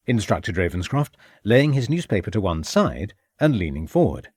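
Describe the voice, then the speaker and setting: A man narrating an audiobook in a measured, expressive way. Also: low voice, husky, dry recording, clean studio sound. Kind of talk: scripted narration.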